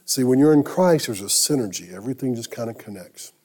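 With a warm, mellow, mid-range voice, this male pastor is animated as he shares a personal story in his sermon. His delivery is conversational, full of pauses and restarted sentences.

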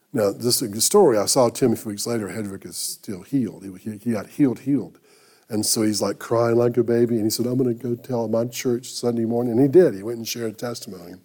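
A man preaching a sermon, telling a story in a conversational, halting way with frequent restarts. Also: lowish voice, warm tone, breathy edge. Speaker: pastor.

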